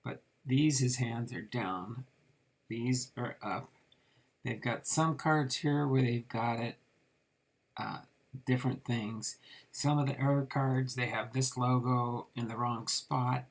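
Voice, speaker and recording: Man, card collector host, slow rambling delivery, husky gravelly voice. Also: medium pitch. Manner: slow, rambling, with frequent fillers while reading names off cards. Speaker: trading card collector reviewing a set. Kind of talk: casual card review.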